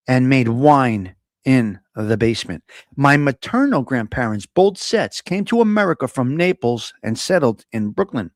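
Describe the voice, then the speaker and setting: A man's voice: on the high side, no room sound, studio quality. A man hosting a casual live stream, chatting with viewers, teasing them and reading their comments aloud. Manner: chatty, laughs often, teasing, ad-libs.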